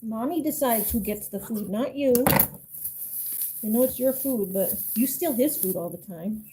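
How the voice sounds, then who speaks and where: A woman's voice: a little high, unhurried, dark tone, a little hiss or hum, low-quality recording. A young woman streaming live, chatting casually and cooing to her pets. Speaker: livestreamer.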